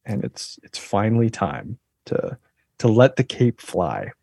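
A man talking about a TV episode in a relaxed, thoughtful podcast chat, with frequent fillers. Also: lowish voice, measured pace, gravelly, no echo, studio quality. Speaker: podcast co-host. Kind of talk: casual chat.

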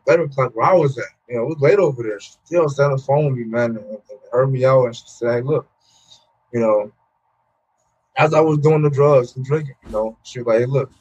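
Man, 30s, former pro athlete guest; relaxed, filler-heavy storytelling, mid pitch, dull lo-fi recording. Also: husky. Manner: casual, repeats words, many "you know" fillers. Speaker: interview guest, former pro football player. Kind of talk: candid personal storytelling. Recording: muffled, lo-fi sound.

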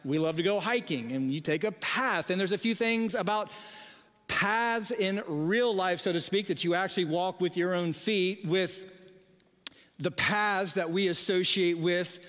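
A man in his forties preaching a sermon, telling a story in a self-deprecating, animated way with halting restarts. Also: sits high. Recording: long reverb in a large hall.

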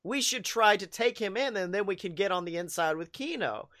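A man voicing a group of excitable teenage male mutant turtles who blurt out their lines. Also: sits high, brisk. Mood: excited.

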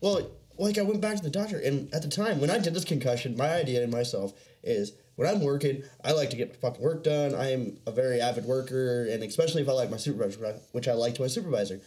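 Young man, casual storyteller, profane and rambling, lively swinging pitch. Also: fast talker, few pauses. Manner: rambling, profane, laughing often.

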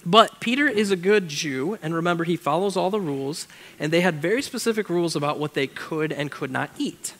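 A man's voice: fairly high pitch, brisk, a bit bright. Chatty man preaching a casual sermon. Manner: chatty, joking asides, reads scripture aloud. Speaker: pastor.

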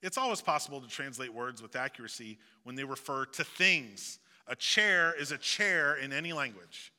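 A man's voice: mid-range voice, lively intonation, moderate pace, pushed and bright. A male pastor with a Southeast Missouri accent, preaching a sermon in a conversational way with joking asides. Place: church sanctuary. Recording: long hall reverb.

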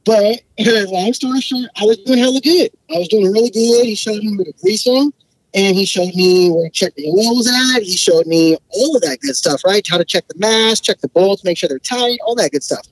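A man guesting on a podcast, telling work stories in a slangy, swearing, animated way. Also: sits high, normal speed, no echo, low-quality recording. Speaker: podcast guest, shop technician. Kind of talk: casual storytelling.

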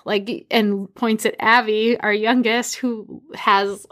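A woman in her thirties, from the Boston area, telling a personal story in a lively, animated way. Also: mid-range voice, unhurried, hardly any pauses. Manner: animated, acts out quoted dialogue.

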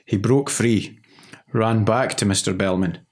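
A man's voice: lowish voice, a little slow, a little mellow. A man co-hosting a legal podcast in casual chat, with dry, joking asides. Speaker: podcast co-host.

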